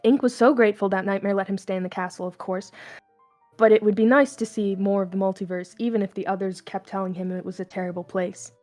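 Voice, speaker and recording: A woman's voice: mid-range voice, steady tone, fast talker, a little mellow, faint music behind. A young woman reading fan fiction aloud, casual and stumbling, with a mixed accent that slips toward Southern US. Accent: mixed, slipping toward Southern US. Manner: casual, stumbling, laughing asides.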